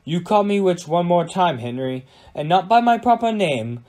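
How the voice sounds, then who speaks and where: A man's voice: high voice, lively intonation, normal speed, a little mellow, pitched above the performer's own voice. A man reading a storybook aloud, voicing a mean, power-hungry female witch who taunts her foes in a raised voice. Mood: mocking. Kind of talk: amateur audiobook reading.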